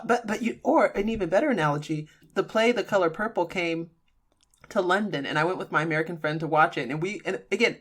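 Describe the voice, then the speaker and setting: A woman co-hosting a podcast, telling animated stories in casual chat. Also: low voice. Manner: chatty, animated storytelling with laughs. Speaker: podcast co-host.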